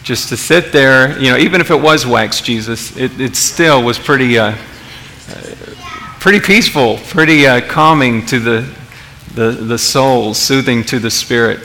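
Bright-voiced conversational preacher. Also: male voice, medium pitch, unhurried, slight background noise. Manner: conversational, many restarts, asks the audience questions. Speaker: pastor. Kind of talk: sermon.

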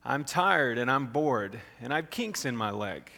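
A man's voice: medium pitch, animated, a little slow, creaky, pushed and bright, full character voice. A man voicing a lazy, scheming female bird in a storybook read-aloud, with a sing-song, coaxing manner. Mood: bored. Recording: long hall reverb.

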